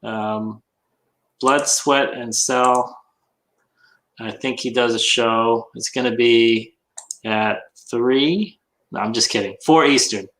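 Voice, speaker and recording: Bright-voiced easygoing man. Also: mid-range voice, slow pace, long pauses. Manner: easygoing, self-deprecating joking. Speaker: co-host of a reseller livestream. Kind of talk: casual livestream chat while working.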